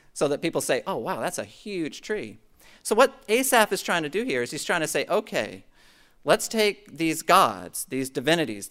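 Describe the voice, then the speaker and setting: A man's voice: medium pitch, a bit bright, clear, resonant tone. A middle-aged man preaching a conversational sermon, teaching from scripture and often checking in with "okay?". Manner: conversational, frequent "okay?" check-ins, asides to the congregation. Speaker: pastor.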